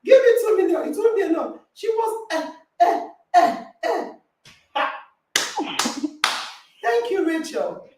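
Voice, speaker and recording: High, lively woman host in echoey room. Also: measured pace, long pauses, distant mic, heavy background noise. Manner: animated storytelling, reenacting dialogue with laughter. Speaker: podcast host. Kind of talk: lively online group call chat. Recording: roomy echo, voice from off-mic.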